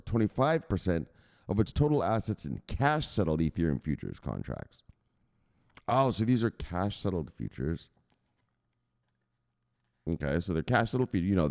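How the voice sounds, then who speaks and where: Deep-voiced guy rambling excitedly about finance stuff, voice jumps all over, keeps saying sorry and laughing. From United States. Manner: excitable, rambling, laughs and corrects himself often. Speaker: crypto news host. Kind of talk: casual explainer monologue.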